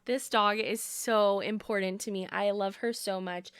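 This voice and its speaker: Young woman podcast host, gushing and sentimental chat, clean smooth tone, dry booth-like sound. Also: medium pitch, fairly even intonation, a little slow, fairly bright tone, no echo. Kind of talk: casual chat.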